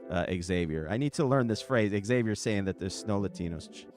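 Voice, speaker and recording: A man's voice: fairly low pitch, expressive, moderate pace, a little mellow, faint music behind. A man hosting his own show, talking casually and comedically to viewers, mocking with rhetorical questions and brief impressions. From United States. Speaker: podcast host. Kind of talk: casual comedic monologue reading chat.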